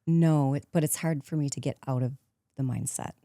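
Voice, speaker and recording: A woman in her fifties, a guest in a casual interview, telling stories in a lively way, acting out quotes and laughing often. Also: very deep voice, moderate pace, no echo, clean studio sound. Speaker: guest, actress turned painter.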